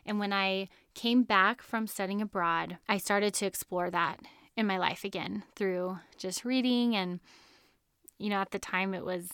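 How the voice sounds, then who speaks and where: A woman's voice: mid-range voice, steady tone, a little slow, fairly bright tone, smooth, no echo, clean studio sound. A woman in her thirties hosting a podcast, telling a personal story in an earnest, chatty way and laughing often. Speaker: podcast host.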